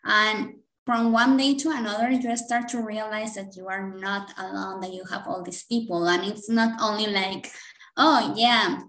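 A woman's voice: mid-range voice, steady tone, moderate pace, few pauses, a bit bright. Emotional, rambling woman in an echoey room. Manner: emotional, rambling, laughs often. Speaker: podcast co-host. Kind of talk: casual chat.

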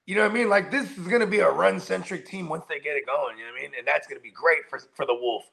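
A man's voice: fairly high pitch, quick pace, creaky, sharp tone. A man co-hosting a casual fantasy football show, talking in laid-back slangy banter. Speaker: co-host. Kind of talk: casual podcast chat.

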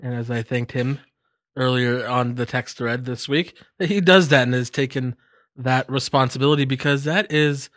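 A man's voice: mid-range voice, moderate pace, a bit bright, no echo, clean studio sound. A man co-hosting a podcast among friends, full of goofy banter. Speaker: podcast co-host. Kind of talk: casual chat.

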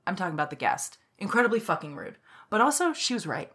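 Podcast co-host, young woman, low-ish bright voice, chatty storyteller who curses casually. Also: very animated, fast talker, husky. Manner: laughs often, swears casually.

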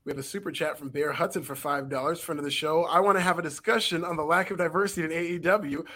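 A man co-hosting a podcast, chatting casually and animatedly about wrestling, with frequent restarts. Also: a little high. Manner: animated, talks fast with restarts. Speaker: podcast co-host.

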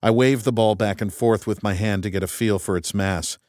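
A man's voice: on the low side, steady tone, moderate pace, darkish tone, no echo. A man reading a first-person audiobook in a dry, wry and methodical way. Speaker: audiobook narrator. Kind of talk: first-person scripted narration.

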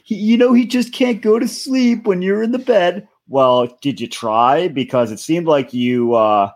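A man's voice: fairly high pitch, unhurried, darkish tone. A man co-hosting a crude comedic podcast chat, with dry, sarcastic remarks.

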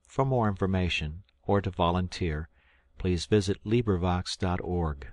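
A man from South Carolina narrating a public-domain audiobook in a measured, steady reading. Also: deep voice, no room sound. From South Carolina, United States. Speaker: volunteer audiobook reader.

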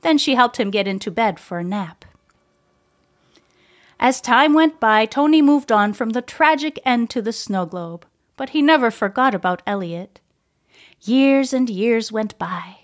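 Gentle woman reading a storybook. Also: fairly high pitch, lively intonation, unhurried. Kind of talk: storybook narration read aloud.

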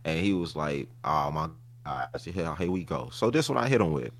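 A man's voice: a bass voice, a little fast, dry recording. Heated guy on a podcast mic telling a long story, swears a lot, dry close sound. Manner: animated, profane, retells a heated argument. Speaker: podcast host. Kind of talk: casual storytelling chat.

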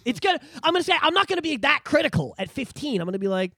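A man in his thirties co-hosting a casual podcast, ranting with animated, profane energy. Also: very high-pitched, very fast, dry recording, clean studio sound. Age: 30s. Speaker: podcast co-host.

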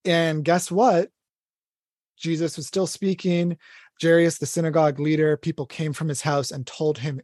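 A man's voice: a little high, steady tone, moderate pace, darkish tone, no echo. Earnest man in a dry-sounding room. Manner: earnest, retells scripture conversationally with many fillers. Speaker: podcast co-host. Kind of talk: casual faith discussion.

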